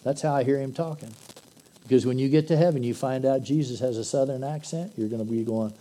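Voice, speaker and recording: A man's voice: medium pitch, fairly quick, warm tone, poor audio. A man preaching an earnest, conversational sermon that swells into emphatic bursts. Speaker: pastor.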